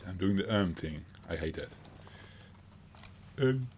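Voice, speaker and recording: A man's voice: deep voice, lively intonation, slow pace, darkish tone, slight background noise. A man in his thirties with a Dutch accent, chatting casually with his stream chat, rambling with fillers as he answers them. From Netherlands.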